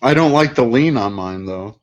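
A man's voice: medium pitch, lively intonation, moderate pace. A man co-hosting a live podcast, laughing easily and trading short quips. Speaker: podcast co-host. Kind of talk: casual live podcast chat. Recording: lo-fi muffled audio.

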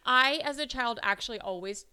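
Wry American woman with a smooth, bright voice. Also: fairly high pitch, brisk. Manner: wry, joking, swears casually. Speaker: podcast co-host. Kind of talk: casual true-crime podcast chat.

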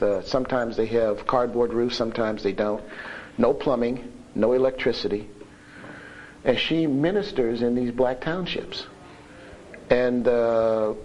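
A man giving a conversational sermon at a conference, earnest and emphatic, swinging between loud and soft. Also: medium pitch. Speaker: conference speaker on evangelism. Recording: dull lo-fi recording with faint hiss.

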